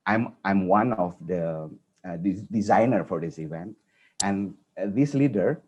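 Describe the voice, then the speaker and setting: A man with an Indonesian accent telling an earnest personal story at a conference, halting and restarting often. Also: sits low, darkish tone. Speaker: conference speaker.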